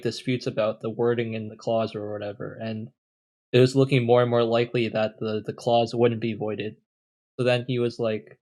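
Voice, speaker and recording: Young male podcast co-host, mid pitch, long-winded casual explainer. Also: a little mellow. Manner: rambling, explains at length with many fillers. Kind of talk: casual chat.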